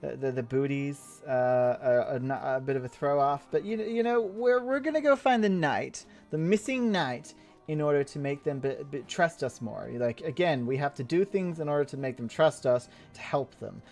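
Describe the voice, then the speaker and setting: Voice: medium pitch, moderate pace, darkish tone, soft background music. A gamer giving playful, rambling commentary on an online role-playing game, joking and laughing along. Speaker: game streamer. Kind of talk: let's play commentary.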